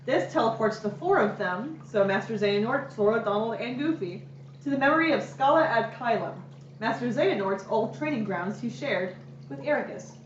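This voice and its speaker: A woman's voice: on the high side, lively intonation, normal speed, a little hiss or hum. Chatty young woman in an echoey room. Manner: chatty and playful, laughs often. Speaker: streamer giving a lecture. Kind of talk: casual recap of a game story. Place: home room. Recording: echoey room, distant dull mic.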